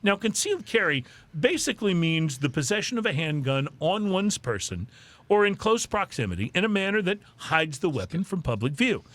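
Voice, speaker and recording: Animated man hosting a drinking podcast. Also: high voice, normal speed. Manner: animated, deadpan joking delivery. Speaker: podcast host. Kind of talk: reading drinking news on a podcast.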